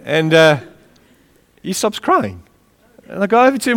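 A man preaching a sermon, impassioned and lively, with chuckles as he tells stories. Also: high-pitched, moderate pace, long pauses. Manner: impassioned, with a lively rise and fall; chuckles while telling stories. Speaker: pastor. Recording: long reverb of a large hall.

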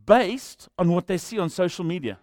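Animated man preaching a sermon. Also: sits high, moderate pace, dry recording, studio quality. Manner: animated and rhetorical, with humorous asides. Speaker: pastor.

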